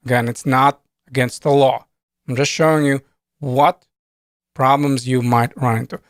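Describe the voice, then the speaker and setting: A man teaching programming in a relaxed, conversational tutorial, thinking aloud as he types code on screen. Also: mid-range voice, no echo, clean studio sound. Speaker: programming instructor. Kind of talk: screen-recorded coding tutorial.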